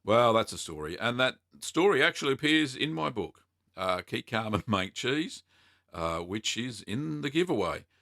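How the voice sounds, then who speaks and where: The Australian livestream host fields cheesemaking questions from viewers, reading each one aloud and replying casually with lots of ums and uhs. His medium-pitched voice swings widely in pitch at a moderate pace, sounding pushed and bright in clean studio audio with no room sound.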